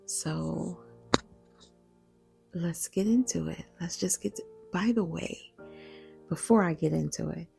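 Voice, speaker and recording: Forties woman half-whispering a late-night podcast at home, low and gravelly, soft music under it. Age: 40s. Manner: hushed, half-whispering, slow and reflective. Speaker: podcast host.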